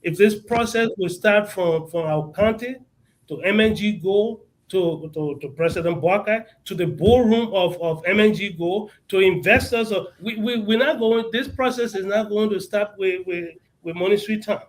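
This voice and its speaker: A man's voice: high-pitched, moderate pace, poor audio. A man with a Liberian accent speaking as a guest on a talk show, passionate and emphatic, often repeating words as he searches for them. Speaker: guest advocate. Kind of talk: impassioned talk-show interview.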